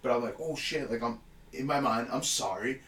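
Bright-voiced man telling a story in an echoey room. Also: medium pitch, brisk, recorded from a distance. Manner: animated storyteller, swears often, laughs a lot. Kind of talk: casual chat, storytelling. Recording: roomy echo, somewhat off-mic, faint room noise.

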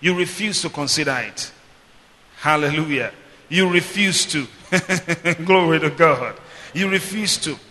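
High, bright-voiced preacher in an echoey hall. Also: male voice, measured pace, long pauses. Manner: preaching with call-and-response, swinging from loud declarations to quiet explanation. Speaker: pastor. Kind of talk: sermon.

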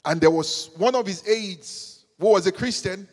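A man's voice: high-pitched, normal speed. A man. He is emphatic, repeats his phrases and climbs to fervent peaks. His voice rings with the long reverb of a large hall. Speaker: preacher. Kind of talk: sermon.

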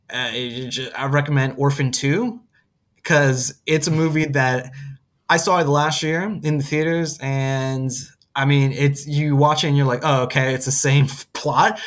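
Male podcast co-host, casual and rambling, plain mid-range voice. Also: medium pitch. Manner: rambling, many restarts and acted-out quotes. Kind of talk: casual chat.

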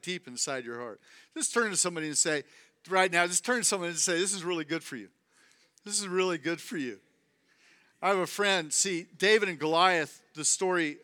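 A man preaching a sermon as a guest speaker, animated, repeating phrases for emphasis and calling on the congregation to respond. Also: a little high.

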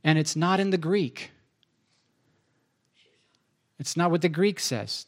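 Male pastor, animated sermon delivery, voices both sides of his talks with God. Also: high-pitched, normal speed, long pauses.

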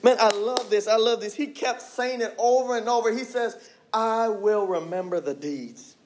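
A young man in his twenties preaching a sermon with passion, repeating phrases and dropping his voice low for emphasis. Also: normal speed, a little hiss or hum. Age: 20s.

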